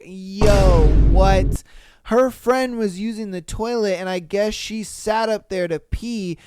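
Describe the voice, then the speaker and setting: A man reads listener stories on a podcast at an unhurried pace, with a smooth, clean tone. He breaks in with loud, profane outbursts between the readings. The sound is dry and close, with no room echo. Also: high-pitched. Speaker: podcast host.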